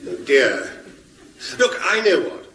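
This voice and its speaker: An actor playing a mild young radio producer in a radio comedy, sounding fussy and apologetic. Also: male voice, on the high side, very animated, slow, fairly bright tone, heavily acted. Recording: roomy, very hissy archive radio recording.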